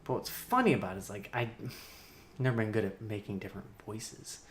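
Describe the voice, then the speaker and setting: A man talking alone on a livestream, rambling and laughing to himself, swinging between loud outbursts and muttered asides. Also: fairly low pitch, a little fast, slight background noise. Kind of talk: rambling solo livestream monologue. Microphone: streaming mic.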